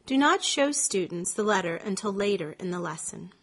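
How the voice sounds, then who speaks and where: A woman slowly narrating scripted teaching instructions in a measured, clearly articulated way. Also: mid-range voice, animated, fairly bright tone. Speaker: teacher giving lesson instructions.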